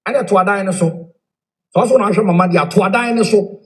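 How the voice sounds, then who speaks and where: A man's voice: high-pitched, fast. A man with a Ghanaian accent giving a heated address, repeating himself and mixing in English. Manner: animated, repeats phrases, mixes in English. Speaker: self-styled spiritual leader. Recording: echoey room.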